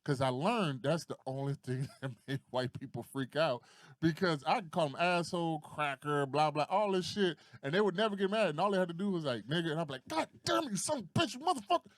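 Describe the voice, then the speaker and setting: Recorded at studio quality with no room sound, this man co-hosts a podcast, his voice a little high and his pace fairly quick. His casual storytelling is animated and full of swearing, and he performs the voices of whoever he quotes.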